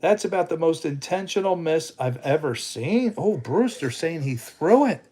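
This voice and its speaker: Playful, excitable man hosting a livestream, a touch high-pitched. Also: moderate pace, breathy edge. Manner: excitable, playful, keeps calling on his sidekick. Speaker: livestream host. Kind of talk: casual livestream chat.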